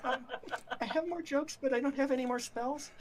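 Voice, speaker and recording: A woman's voice: high voice, normal speed, a crowd in the background. A woman playing in a tabletop game, joking and giggling as she talks. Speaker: player. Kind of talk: casual tabletop game play.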